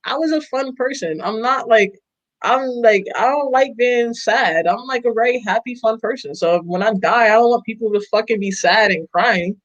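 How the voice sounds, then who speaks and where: A woman's voice: on the high side, moderate pace, dull audio. Profane, emphatic young woman chatting. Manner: profane, emphatic, laughs often. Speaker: podcast co-host. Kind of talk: casual chat.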